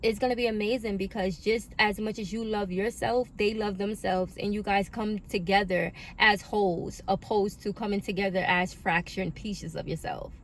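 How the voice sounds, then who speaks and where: A woman's voice: mid-range voice, steady tone, moderate pace, few pauses, slight background noise. A woman giving a spiritual card reading to her viewers, emphatic and affirming, with casual swearing, recorded on a phone. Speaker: oracle card reader.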